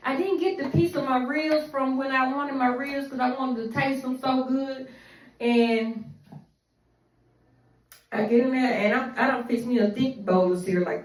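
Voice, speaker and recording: Woman, high voice, animated profane storyteller, distant echoey room mic. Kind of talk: casual storytime monologue.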